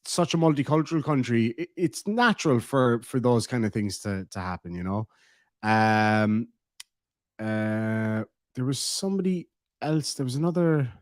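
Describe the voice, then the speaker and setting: A man's voice: mid-range voice, a little mellow, dry recording, studio quality. An Irish man hosting a casual livestream, reading viewer comments aloud in a blunt, sweary way, with plenty of filler words. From Ireland. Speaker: livestream host.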